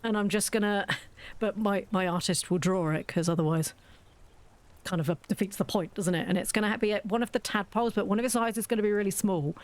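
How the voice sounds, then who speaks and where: A woman's voice: mid-range voice, fast. A woman with a British accent chatting and joking as she plays a game for viewers. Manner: chatty, joking, self-mocking. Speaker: streamer. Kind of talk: casual game commentary.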